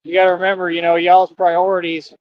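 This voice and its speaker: Slangy, confrontational male streamer, fairly high voice, rambling outdoors near traffic; lo-fi stream sound. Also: completely flat delivery, brisk. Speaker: costumed livestreamer. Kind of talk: casual rambling livestream talk. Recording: dull lo-fi stream audio.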